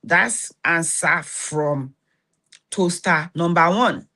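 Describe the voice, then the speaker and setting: A woman's voice: lowish voice, drawn-out words, pushed and bright. A woman with a Nigerian Yoruba accent hosting a live stream, talking animatedly and acting out quoted dialogue. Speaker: host of a live stream on relationships and healing.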